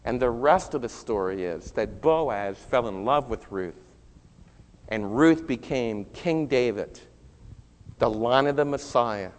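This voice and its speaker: A man preaching a sermon, telling a Bible story with animated rises and quieter stretches. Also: mid-range voice, slow pace, in a large hall. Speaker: pastor.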